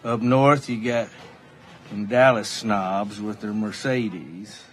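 A man's voice: on the low side, slow, faint music behind. An actor playing a folksy small-town man who mocks the other regions in sardonic, drawling put-downs, as film dialogue. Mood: mocking.

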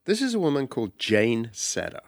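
A man with a British accent narrating a podcast in a measured, wry way. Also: mid-range voice, huge pitch swings, no room sound, studio quality. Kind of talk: scripted narration.

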